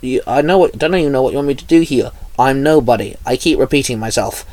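A man's voice: mid-range voice, moderate pace, no echo, natural voice. A man voicing a reluctant, irritable young man chosen as a gods' avatar in a storybook reading. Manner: irritable, snappy.

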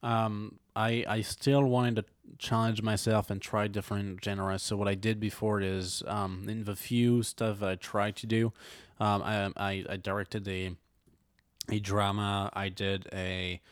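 A man in his twenties with a French accent, a native French speaker chatting casually and pausing often to find his words in English. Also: fairly low pitch, flat delivery, no echo, studio quality. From France. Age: 20s. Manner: halting, searching for words in a second language. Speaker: filmmaker. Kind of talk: casual conversation.

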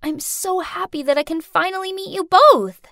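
A woman's voice: high voice, animated, moderate pace, no room sound, clean studio sound. A woman voicing a sweet, smug teenage girl with a sugary way of talking.

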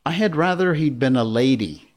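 A man voicing an eager young boy who breaks in excitedly. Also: mid-range voice, normal speed, voice pushed up, natural voice. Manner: eager, interrupting.

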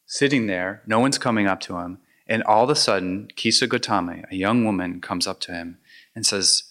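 A man's voice: fairly low pitch, moderate pace, sharp tone. A man giving a dharma talk as a meditation teacher, reflective and storytelling, with frequent restarts.

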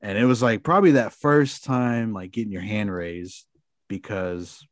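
A man with a fairly low voice tells a long story in casual talk, stringing it together with fillers and loose cursing. The sound is dry and close, with no room around it. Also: measured pace, dry recording. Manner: rambling, filler-heavy with frequent swearing. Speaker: podcast guest.

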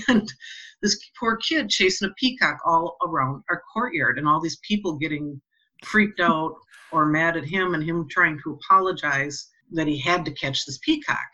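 A woman with a fairly low voice tells her story casually and with lots of life, acting out the people in it. Her tone is bright and forward. The recording sounds a bit dull and muffled. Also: moderate pace. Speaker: guest telling a personal story.

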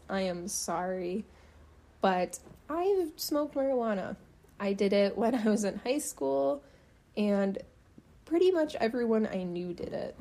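A young woman telling a true-crime case in a loose, chatty way, full of "like" and "um". Her voice is mellow and warm rather than bright. She slips into dry sarcasm when something strikes her as wrong. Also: mid-range voice. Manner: sarcastic, chatty, frequent fillers. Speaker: podcast host. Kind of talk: casual true-crime narration.

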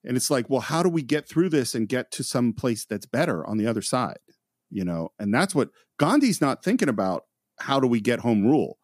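Man, podcast co-host, lively pitch, dry close sound, casual film chat. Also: brisk, no room sound. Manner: animated, retells scenes.

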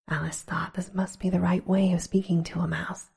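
A woman reading a storybook aloud in a slow, hushed, gentle whisper. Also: fairly low pitch, flat delivery, gravelly, husky.

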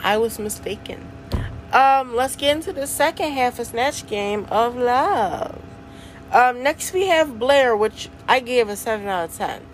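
A woman's voice: a little high, expressive, measured pace. Young woman, solo podcast host, slangy casual chat, frequent laughs, faint background noise. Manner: chatty, laughs often, slangy.

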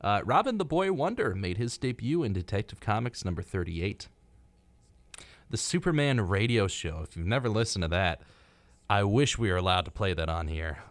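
A man's voice: fairly low pitch, normal speed, no room sound. A young man co-hosting a college radio show, chatting casually with plenty of fillers. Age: young adult. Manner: relaxed, lively, chatty with fillers. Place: radio studio. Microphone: studio microphone.

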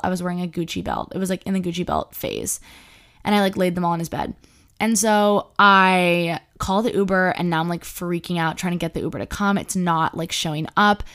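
A woman's voice: lowish voice, a little fast. Chatty young woman telling a story. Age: young adult. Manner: chatty, swears freely, many likes. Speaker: podcast host. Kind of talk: casual storytelling monologue.

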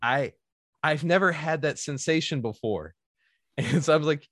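A man's voice: a little high, normal speed, no room sound, clean studio sound. A man in his thirties telling a casual story, laughing often and acting out what people said. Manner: animated, laughs often, acts out quotes.

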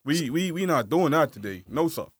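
A man co-hosting a casual podcast chat, animated and full of slang, ranting hard. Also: on the high side, normal speed. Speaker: podcast co-host.

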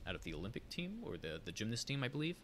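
A man's voice: medium pitch, very animated, very fast, fairly bright tone, a little hiss or hum. A man co-hosting a casual podcast chat, giving opinions freely and reading a news article aloud. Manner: chatty, opinionated, many fillers and restarts. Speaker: podcast co-host.

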